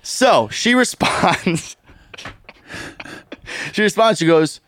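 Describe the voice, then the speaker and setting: Animated, laughing young man telling a story. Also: sits high, drawn-out words. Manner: animated storytelling, laughs often, swears freely. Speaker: podcast host. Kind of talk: casual chat.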